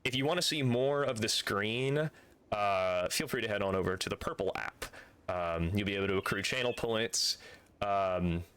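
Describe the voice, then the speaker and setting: Low-voiced, laid-back man streaming a game. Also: moderate pace, fairly bright tone, clean tone, dry recording. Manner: casual, chatty, swears freely. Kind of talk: live game-stream commentary.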